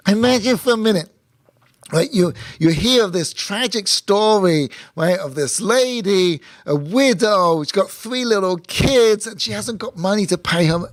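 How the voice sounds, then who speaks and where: High-voiced animated rabbi teaching. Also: male voice, no room sound, clean studio sound. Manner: animated, acts out imagined dialogue, many "right?" tags. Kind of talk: Torah class lecture.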